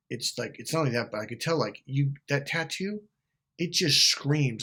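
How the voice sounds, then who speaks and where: Blunt, profane husky-voiced man. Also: medium pitch, moderate pace, sharp tone. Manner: blunt and profane, acts out quoted lines; laughs often mid-sentence. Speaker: self-help video host. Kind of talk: casual monologue.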